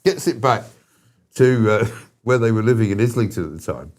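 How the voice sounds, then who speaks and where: Lively male talk-show host. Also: on the low side, normal speed. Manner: laughs through his own story, lively storyteller. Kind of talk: casual anecdote on a talk show.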